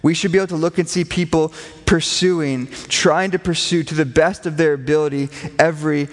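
A man's voice: a little high, steady tone, a little fast, soft background music. A pastor preaching a sermon to his congregation, earnest and emphatic, repeating phrases for weight. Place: church hall. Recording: long hall reverb.

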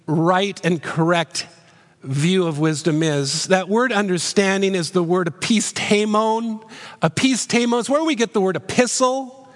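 A man in his fifties preaches with earnest emphasis, his voice pitched high for a man. He presses each point with repeated rhetorical questions. The sound carries a long reverb from a large church hall. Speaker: pastor. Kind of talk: sermon.

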